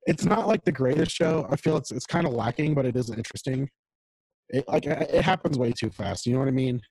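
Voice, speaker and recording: A man's voice: mid-range voice, a little fast, vocal fry, a little mellow, no room sound, poor audio. A man co-hosting a podcast, chatting casually and rambling about food and guitar gear. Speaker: podcast co-host. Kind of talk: casual chat. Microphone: home mic over video call.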